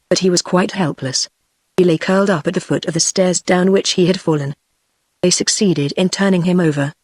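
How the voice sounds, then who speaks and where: A text-to-speech woman's voice with a British English accent, reading an audiobook in an even, measured way. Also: fairly low pitch, dry recording. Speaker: audiobook narrator. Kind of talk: synthetic audiobook narration.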